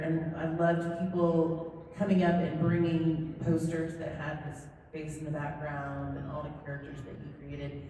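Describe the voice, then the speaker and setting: A woman's voice: deep voice, measured pace, a little hiss or hum. A middle-aged woman from Southern California, a voice actor telling stories and joking with fans at a convention Q&A panel. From Southern California, USA. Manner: chatty, animated, self-deprecating joking. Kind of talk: convention Q&A storytelling. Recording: echoey hall, voice from far off.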